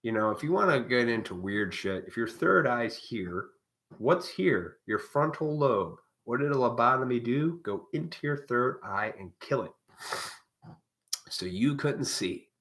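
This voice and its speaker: A man's voice: mid-range voice, lively intonation, a little slow, fairly bright tone. A man hosting a live stream, delivering a blunt, profane, preachy monologue in a casual way.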